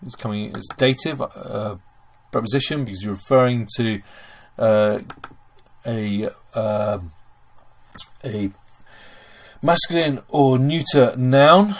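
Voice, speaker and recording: A man teaching German grammar in a screen-recorded lesson, explaining step by step and calling his viewers ladies and gentlemen. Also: medium pitch, a little slow.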